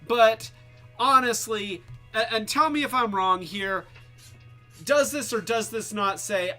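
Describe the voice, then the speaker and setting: A man's voice: high voice, slow, bright, forceful tone, faint music behind. A man hosting a casual live-stream toy review, rambling and joking, with lots of restarts and asides. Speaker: host.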